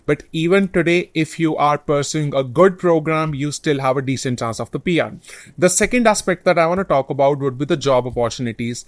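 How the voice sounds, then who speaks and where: Male advice host, earnest explainer, somewhat high voice, dry recording. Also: brisk, dry recording. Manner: earnest, explanatory, lays out points in order. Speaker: host of a study-abroad advice channel. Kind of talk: direct-to-camera advice talk.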